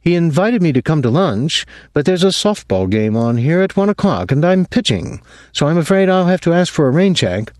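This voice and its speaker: A man's voice: on the high side, very animated, moderate pace, a little mellow, no room sound, studio quality, pitched above the performer's own voice. A man reading an audiobook, voicing a polite young man who talks in an apologetic way.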